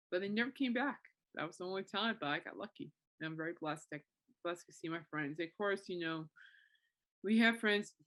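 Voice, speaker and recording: A woman's voice: deep voice, a bit bright. A woman in her thirties talks alone on her podcast in a loose, rambling way. Her sentences keep circling back through fillers and restarts, and her feeling shows through. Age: 30s. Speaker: podcast host. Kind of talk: casual solo podcast talk.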